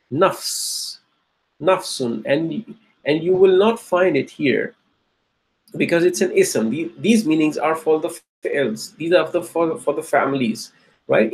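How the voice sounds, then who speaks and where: Male teacher, slightly higher voice, patient repeater, classroom lecture delivery. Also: lively intonation, rough recording. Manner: repeats words slowly, asks checking questions. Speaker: Arabic teacher.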